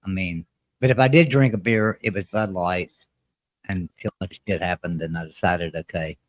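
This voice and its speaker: A man's voice: deep voice, steady tone, normal speed, no echo. A man chatting casually on a live stream, often restarting his sentences and speaking bluntly.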